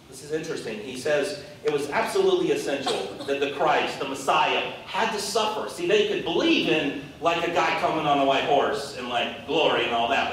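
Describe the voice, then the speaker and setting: A man preaching a conversational sermon, telling stories in a lively, animated way. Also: on the high side, moderate pace, few pauses. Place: large hall, worship service. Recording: echoey hall from far off, faint noise.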